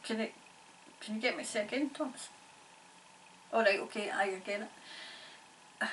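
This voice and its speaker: Scottish woman, psychic medium, higher voice, halting repetitive delivery, laughs a lot, mic at a distance. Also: a bit bright, slight background noise. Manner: halting, repeats phrases, laughs often. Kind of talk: channelling session, casual monologue.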